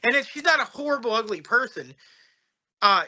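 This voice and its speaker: A man's voice: extremely high pitch, expressive, moderate pace, bright, forceful tone. A man chatting casually, rambling and opinionated, often restarting his sentences. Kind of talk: casual chat. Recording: dull lo-fi audio.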